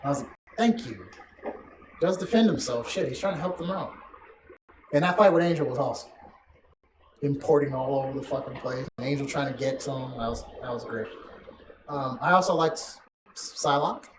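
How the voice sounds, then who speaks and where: A man hosting a casual podcast chat, talking excitedly and swearing freely, often acting out what others said. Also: medium pitch, brisk, pauses often. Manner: profane, excitable, quotes people in voices. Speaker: podcast host. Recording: echoey room, distant mic, noisy.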